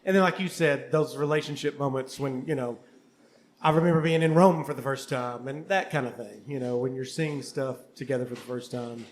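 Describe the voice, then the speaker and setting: A man's voice: medium pitch, brisk, slight background noise. A middle-aged man, a history teacher and musician, talking candidly and casually on a panel with many fillers. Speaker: co-host, history teacher and bassist. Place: coffeehouse before a live audience.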